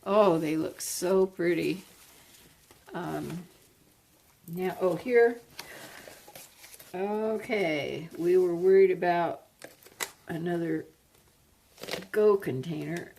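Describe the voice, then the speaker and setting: Slow gravelly-voiced woman gushing over plants. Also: lowish voice, dark tone, slight background noise. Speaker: plant vlogger. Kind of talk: casual unboxing chat.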